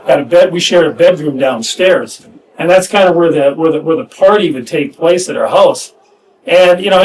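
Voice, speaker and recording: A middle-aged man recalling his youth in casual chat, halting and reflective with many restarts. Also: fairly high pitch, recorded from a distance, rough recording. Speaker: former player reminiscing.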